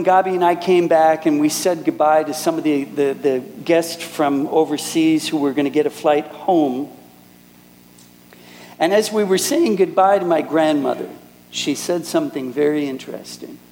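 A man's voice: fairly high pitch, darkish tone, long reverb tail, rough recording. A middle-aged man from Minneapolis preaching a sermon, telling personal stories in an earnest way and acting out the people he quotes. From Minneapolis, United States. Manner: earnest storytelling, acts out quoted speakers.

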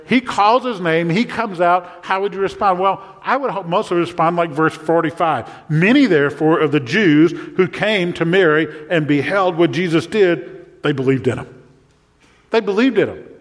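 An animated male pastor preaching a sermon, his voice set a little high for a man. He swings from hushed, low passages to ringing exclamations. The sound carries a long hall reverb, as in a large church sanctuary.

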